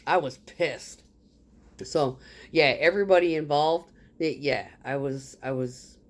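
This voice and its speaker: A woman's voice: deep voice, darkish tone. Blunt, cussing woman ranting about work. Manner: profane, blunt storytelling; acts out others' lines in quoted dialogue. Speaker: concrete truck driver. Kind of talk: casual work rant.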